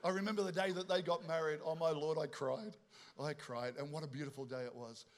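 A man's voice: on the high side, a little fast. A middle-aged man preaching a sermon, telling jokey stories and bantering with the congregation. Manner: animated, joking storyteller with asides to the congregation. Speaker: pastor.

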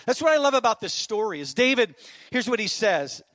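A man in his fifties, a pastor preaching a sermon, telling a story and then building to fervent shouted exhortation. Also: sits high, big pitch swings, a little fast, no echo. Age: 50s. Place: church auditorium.

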